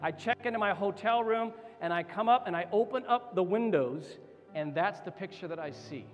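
Man, pastor, high voice, sermon storytelling, rising to shouts, long hall echo. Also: animated, normal speed, highs cut off, faint music behind. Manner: storytelling, building to shouted exhortation.

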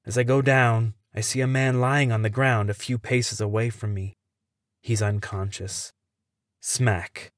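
A man who hosts a podcast, telling a tense first-person story in a measured way. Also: medium pitch, steady tone, no room sound, clean studio sound.

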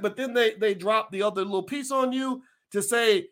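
A man hosting his own podcast, talking to listeners in a folksy, emphatic, animated way and often restarting his sentences. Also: high-pitched, normal speed, few pauses. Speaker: podcast host. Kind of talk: casual commentary to listeners.

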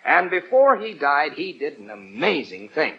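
A pompous, blustering husband, full of his own importance. His voice sits a little high. The recording is a muffled old radio broadcast. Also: sing-song, normal speed, vocal fry, a crowd in the background. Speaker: husband and lawyer. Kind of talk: 1940s radio sitcom acting.

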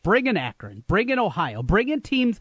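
A man's voice: high voice, normal speed, husky, no echo. A man hosting sports talk radio, arguing his points emphatically from a studio. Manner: animated, emphatic, opinionated.

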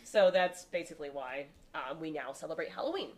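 A woman's voice: deep voice, expressive, brisk. Chatty young woman podcast host. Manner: chatty, laughs often, many "like" fillers. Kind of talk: casual chat.

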